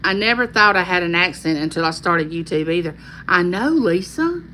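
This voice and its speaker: A woman's voice: fairly low pitch, lively intonation, normal speed, bright, forceful tone, slight background noise, low-quality recording. A woman with a Southern accent hosting a casual live stream, chatting and reading viewer comments aloud in a friendly, folksy drawl. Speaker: YouTube host on a live stream.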